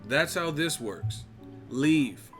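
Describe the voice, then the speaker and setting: A man's voice: on the high side, lively intonation, extremely slow, a bit bright, faint music behind. A man hosting a boxing live-stream chat, ranting and mocking viewers with lots of swearing. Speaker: boxing channel host.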